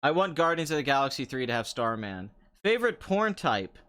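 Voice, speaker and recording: A young man hosting a loose chat show, answering viewer comments. He talks in a sarcastic, rambling way and laughs often. His voice is smooth and resonant, at an ordinary middle pitch. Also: very animated, a little fast, a bit bright. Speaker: podcast host.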